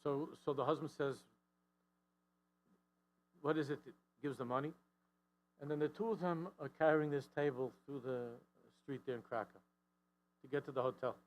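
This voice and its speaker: A man's voice: fairly quick, low-quality recording. A man giving a storytelling sermon, acting out the characters' lines with frequent restarts and repeated words. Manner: animated storyteller, voicing the characters' lines with rising pitch and force. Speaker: rabbi giving a talk.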